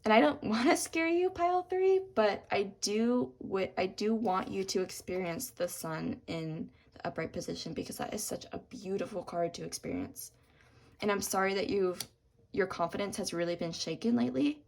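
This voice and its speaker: A young woman giving a tarot reading, gentle and reassuring, with frequent ums and apologies, her voice cracking from talking a lot. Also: mid-range voice, normal speed, creaky. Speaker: tarot reader.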